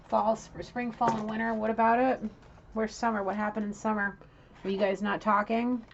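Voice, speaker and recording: A woman giving a casual tarot reading, blunt and profane, scolding and animated as she talks. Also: medium pitch, normal speed, dull audio, background noise. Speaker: tarot reader.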